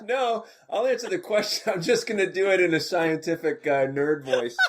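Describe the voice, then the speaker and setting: A male podcast guest in casual chat who stumbles and restarts his sentences as he tells a story. His voice sits fairly high for a man. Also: normal speed, very noisy. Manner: flustered, stammering with restarts.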